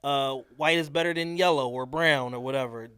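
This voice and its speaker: A man's voice: mid-range voice, brisk, a bit bright, clean tone. A man co-hosting a podcast in casual chat, often backing up his co-host with short agreements. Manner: agreeable, backs up the other host with short affirmations.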